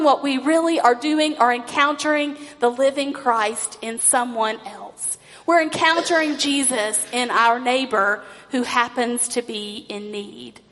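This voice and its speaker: A woman pastor delivers a sermon in a high, clear register. She tells stories in an unhurried cadence, letting the ends of her phrases trail off. Her voice rings with long reverb, as if filling a sanctuary. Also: a bit bright. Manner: slow, storytelling cadence with drawn-out phrase endings.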